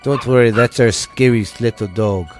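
A man's voice: mid-range voice, moderate pace, soft background music. A man hosting a podcast in casual chat, goofy and full of jokes. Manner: goofy and joking. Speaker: host.

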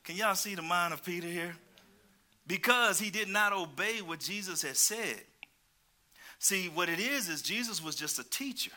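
A male preacher giving a lively sermon, joking and asking the congregation questions as he talks. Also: high-pitched, normal speed.

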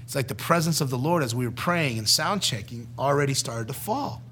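A middle-aged former youth pastor telling his personal testimony in a lively storytelling way, acting out the voices of the people in the story. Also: medium pitch, a little fast, slight background noise.

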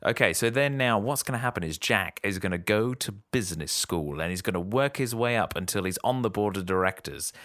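A man with a low voice musing out loud, halting and correcting himself as he works things out. The sound is dry and close-miked. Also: animated, no echo. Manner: halting, thinks aloud, self-correcting. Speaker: podcast co-host guessing a film's plot. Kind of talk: casual chat.

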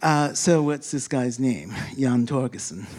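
A casual, meandering storyteller recounting a trip, voice sitting at an ordinary middle pitch. Lots of ums, false starts and little chuckles, with quoted lines voiced in a livelier tone. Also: animated, slow, a little mellow. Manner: rambling, full of fillers and self-corrections; chuckles while telling, acts out quoted speech. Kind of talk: casual personal travel anecdote. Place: lives in a big city, abroad on a trip.

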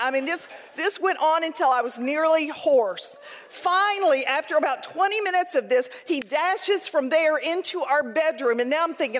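High-voiced woman teaching in a reverberant hall. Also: normal speed. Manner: lively, humorous anecdotes. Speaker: Bible study teacher. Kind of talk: Bible teaching with personal storytelling.

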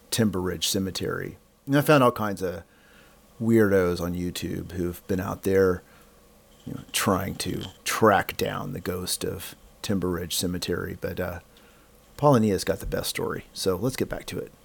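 A man narrating a podcast in a relaxed, musing way. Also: sits low, gravelly. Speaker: podcast host.

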